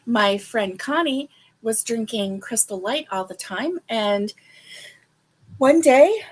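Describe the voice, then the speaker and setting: A woman's voice: fairly high pitch, animated, takes it slowly, slightly rough. A woman hosting a casual crochet livestream. She chats with viewers and rambles with lots of fillers. She sounds a little sleepy. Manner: chatty and rambling, with many fillers; talks to viewers directly.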